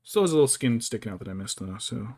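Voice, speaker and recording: A man's voice: mid-range voice, expressive, quick pace, darkish tone, no room sound, clean studio sound. A man chatting casually as he paints miniatures, thinking aloud and muttering to himself. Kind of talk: casual chat while working.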